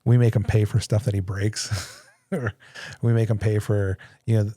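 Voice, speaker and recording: A man's voice: on the low side, level tone, moderate pace, mellow. A man in his thirties hosting a casual studio talk, telling a story with lots of laughter and acted-out voices. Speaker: podcast host. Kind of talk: casual conversation.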